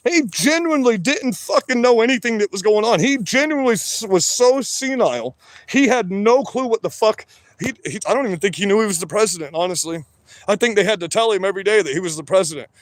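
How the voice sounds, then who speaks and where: A man livestreams from his work shed, his voice pitched high and his sound dry and close. Wired on energy drinks, he rambles and curses without pause. Even when he is calm, he always sounds like he is yelling. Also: dry recording. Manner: loud, rambling and profane, with many "you know"s. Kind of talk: livestream rant. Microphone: phone.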